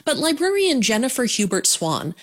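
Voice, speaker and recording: A female reporter narrates a radio feature with a lively, varied pitch. Her delivery is expressive and storytelling. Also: moderate pace. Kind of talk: scripted news feature narration.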